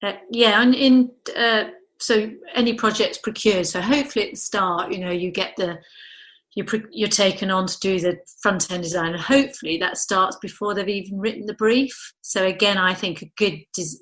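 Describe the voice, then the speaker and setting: A woman's voice: medium pitch, fairly bright tone, low-quality recording. Middle-aged woman, thoughtful, rambling guest. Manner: thoughtful, rambling with restarts and frequent "you know". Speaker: architect guest. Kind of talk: conversational interview.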